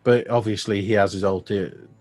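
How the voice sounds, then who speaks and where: A man's voice: lowish voice, steady tone, moderate pace, darkish tone, soft background music. A man, recapping a film's plot in a dry, wry way during a casual podcast chat. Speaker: podcast co-host. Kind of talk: casual film discussion.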